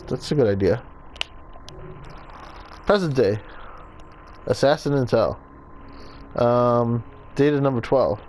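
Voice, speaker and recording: A man playing a video game, reading its entries aloud and adding dry jokes and quick self-corrections. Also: medium pitch, a little mellow, a little hiss or hum, rough recording. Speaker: gameplay video host. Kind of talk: reading game text aloud with jokey asides.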